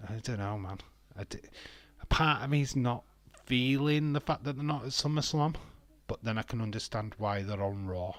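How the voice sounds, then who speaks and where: A man's voice: medium pitch, moderate pace, hardly any pauses, no room sound. Chatty British man, dry close sound. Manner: chatty, laughs often, sings and jokes to himself. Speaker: wrestling watch-along streamer. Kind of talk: casual live commentary, chatting with viewers.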